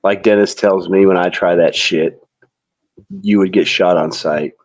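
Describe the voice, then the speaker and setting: Male guest, low voice, blunt offhand delivery. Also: fairly even intonation, a little slow. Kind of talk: casual chat. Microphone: video call.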